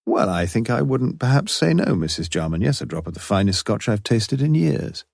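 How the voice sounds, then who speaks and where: Audiobook: a man doing a clever, commanding detective, deep and slightly husky, gently coaxing. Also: sing-song, normal speed, no echo, clean studio sound, exaggerated voice. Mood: wry. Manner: wry, coaxing and quietly commanding. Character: shrewd, wry male police inspector. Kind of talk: audiobook character voice.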